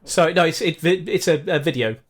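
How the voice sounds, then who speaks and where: A man's voice: fairly high pitch, brisk. A man running a tabletop role-play game as game master, talking casually with many fillers and restarts.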